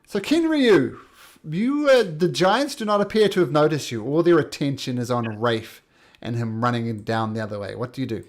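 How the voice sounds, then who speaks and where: A man's voice: mid-range voice, lively intonation, moderate pace. A man running a tabletop game as game master, narrating with an upbeat, laughing manner.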